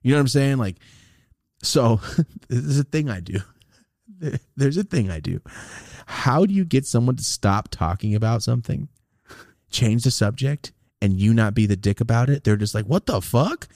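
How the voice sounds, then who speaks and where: A man co-hosting a casual podcast, swearing freely and acting out loud quoted voices as he tells stories. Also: medium pitch, lively intonation, moderate pace, creaky, no room sound, studio quality. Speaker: podcast co-host.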